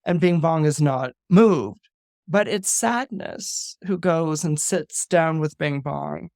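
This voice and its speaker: A man's voice: a little high, slow pace, gravelly, no room sound. Man retelling a story animatedly, dry sound. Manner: animated retelling, laughs, many fillers and restarts. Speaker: guest astrologer. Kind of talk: casual storytelling in a podcast interview.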